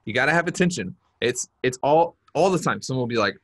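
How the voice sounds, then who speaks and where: A man giving a live-streamed marketing workshop, energetic and repeating his key points for emphasis. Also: mid-range voice, fast talker. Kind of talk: live-streamed business seminar talk.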